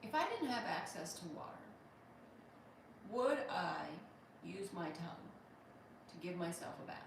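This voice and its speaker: A chatty comedian from Pittsburgh hosts a casual livestream, reading viewer comments aloud and rambling in between with many restarts. Her fairly low voice is very animated at a measured pace. She sits far from the mic in a very echoey room, with a faint hum underneath.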